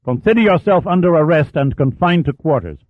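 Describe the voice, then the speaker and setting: A man's voice: mid-range voice, normal speed, slightly rough, no echo, pitched above the performer's own voice, close to an everyday voice. A man reading an audiobook and voicing a hard-drinking, bullying male ship captain who roars and snarls at his officers. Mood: cold menace. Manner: roaring, snarling, coldly menacing. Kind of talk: audiobook character voice. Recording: tinny phone-like sound.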